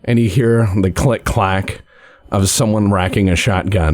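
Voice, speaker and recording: A man's voice: fairly low pitch, steady tone, unhurried, darkish tone, no echo, studio quality, faint music behind. A man narrating a tabletop role-playing game as game master, with vivid, profane descriptions.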